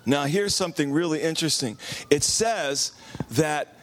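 Male pastor, high voice, chatty sermon, acts out the story, quizzes the room. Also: moderate pace. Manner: animated, acts out quotes, asks the congregation questions. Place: church.

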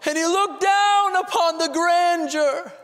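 High-voiced man preaching in a reverberant church. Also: takes it slowly, fairly bright tone. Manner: preaching with rising fervor, rhetorical questions. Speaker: pastor. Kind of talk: sermon.

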